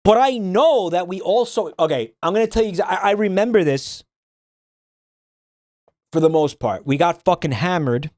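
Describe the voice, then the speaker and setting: Male streamer, lively swooping voice, laughs a lot, close dry mic. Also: high-pitched, normal speed, no room sound. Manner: animated, laughs often, swears freely. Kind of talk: casual chat reacting to a game.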